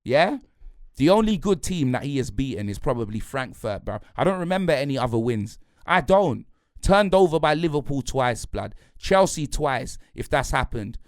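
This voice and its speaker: A man's voice: mid-range voice, sing-song, moderate pace, no echo. Brief: angry man mid-rant, slangy and repetitive, dry close sound. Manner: heated, slangy, repetitive, punctuates lines with "blood" and "fam". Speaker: football fan pundit.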